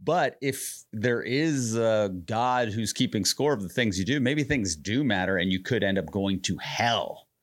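A man's voice: lowish voice, expressive, unhurried. A man hosting a casual podcast, teasing his guest with jokes and playful questions. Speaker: podcast host.

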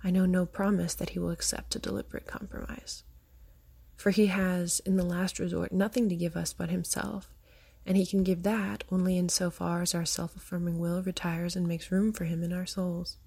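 A woman hosting a show, reading a devotional text aloud in a soft, often half-whispered voice, with brief comments of her own. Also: fairly low pitch, level tone, moderate pace, gravelly, breathy edge.

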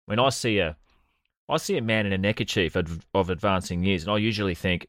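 A man's voice: sits low, brisk, a bit bright, no room sound, studio quality. A man co-hosting a comedy podcast, telling sardonic, profane stories in casual banter. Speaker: podcast co-host.

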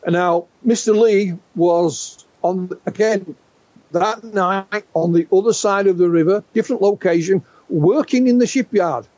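A man in his sixties, guest on an interview, recounts witness stories in a lively, halting way, repeating words as he restarts. His voice sits high for a man. The sound is dull and lo-fi, very dry with no room around it. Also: dry recording. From England. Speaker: guest UFO researcher. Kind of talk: conversational storytelling interview.

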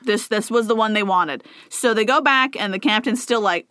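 A woman telling a story in casual chat, animated and full of asides. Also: medium pitch, normal speed, no echo. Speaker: podcast co-host telling the story.

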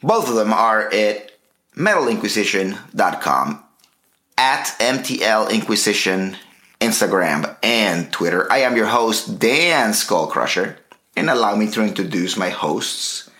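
A man's voice: on the low side, measured pace. A man hosting a casual podcast, joking around and swearing freely with his co-hosts. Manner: profane, joking, lively. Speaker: podcast host.

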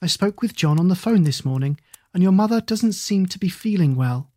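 A warm-hearted eccentric aunt in a children's story, read by a narrator. She talks gently and reassuringly, with a mid-range voice. The recording is close and dry. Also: mid-range voice, lively intonation, a little fast, dry recording, lightly acted. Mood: gentle. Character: cheerful, kindly eccentric aunt. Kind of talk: storybook character voice.

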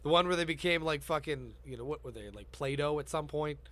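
Rambling, swearing guy, fairly high voice. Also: brisk, a bit bright. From Canada. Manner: rambling, stammers and swears freely. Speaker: co-host. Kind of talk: casual comedic banter.

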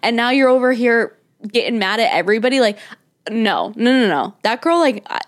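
A woman's voice: a little high, fairly quick. Gossipy woman recapping reality TV. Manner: gossipy, animated retelling with lots of "like" and swearing. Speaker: podcast co-host. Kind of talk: casual reality TV recap chat.

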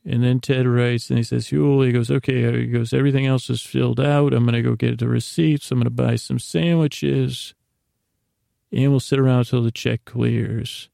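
Gravelly, low-key man recapping a show. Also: fairly even intonation, normal speed, warm tone, no echo, studio quality. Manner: meandering, casual, many fillers and restarts. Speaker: sleep podcast host. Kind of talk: rambling bedtime recap.

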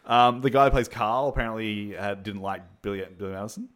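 A man's voice: lowish voice, brisk, a bit bright. A man co-hosting a podcast, chatting casually about a film in a rambling way with lots of fillers and frequent laughter. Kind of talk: casual film review chat.

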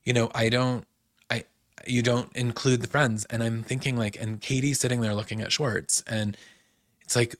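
A man's voice: mid-range voice, little pitch movement, normal speed, no room sound, clean studio sound. A young man hosting a casual recap, chatty and opinionated, acting out quotes with lots of "like". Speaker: podcast host recapping a reality show.

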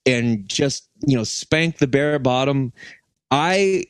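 A man's voice: mid-range voice, lively intonation, slow pace, clean tone, dry recording. A man co-hosting a comedy podcast, rambling through absurd bits and breaking into giggles. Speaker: podcast co-host. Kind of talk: comedic casual chat.

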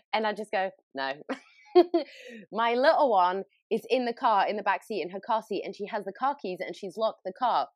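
A woman's voice: mid-range voice, lively intonation, moderate pace, a little mellow, dry recording. A woman with a British accent, a podcast host telling a story in casual chat, laughing often. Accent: British English.

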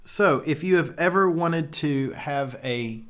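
A man's voice: a little high, slow, fairly bright tone. A man co-hosting a podcast in casual chat, with a playful, bawdy manner and frequent laughter. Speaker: podcast co-host.

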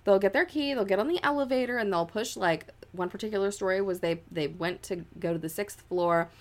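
A young adult woman with a mid-range voice talks a little fast while telling a ghost story as a podcast co-host. Her style is chatty and informal, heavy on "like" fillers and dramatic quoted voices.

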